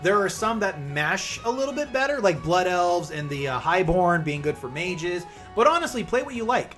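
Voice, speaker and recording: Man, 40s, live streamer, casual chat, upbeat, crisp bright tone, raised pitch. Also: big pitch swings, normal speed, hardly any pauses, faint music behind. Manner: upbeat, chatty, answers viewers by name.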